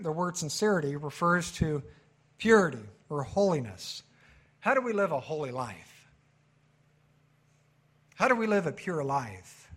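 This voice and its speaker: A man preaching a sermon with a fairly high, bright voice. He talks emphatically, swelling to loud points and dropping low again, like a pastor before his congregation. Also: slightly rough.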